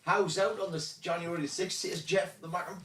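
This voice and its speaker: A man's voice: high voice, fairly even intonation, brisk, a loud crowd. A man co-hosting a casual football podcast, chatting and reading out viewer comments. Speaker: podcast co-host.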